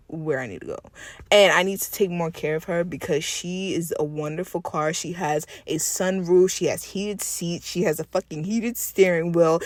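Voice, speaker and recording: A woman's voice: fairly low pitch, no echo. A woman chatting casually while doing nails, swearing freely and laughing often as she tells a story. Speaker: nail tech vlogger. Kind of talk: casual chat while working.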